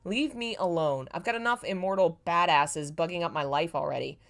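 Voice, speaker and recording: A woman's voice: on the low side, moderate pace, creaky. Woman reading as a wary, snappish heroine. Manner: blunt and wary. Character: guarded, irritable young woman heroine. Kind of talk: reading own fanfiction aloud.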